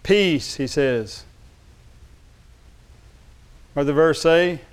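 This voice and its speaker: A male pastor preaches a sermon in a clear, ringing voice pitched a little higher than most men's. He is emphatic and animated but unhurried, repeatedly inviting the congregation to respond.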